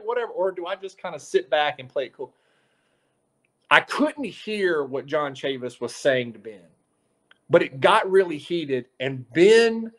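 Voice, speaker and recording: A man, a local TV sports reporter, telling a story on a casual sports podcast and acting out the quotes as he goes. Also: a little high. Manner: animated storyteller, acts out quotes.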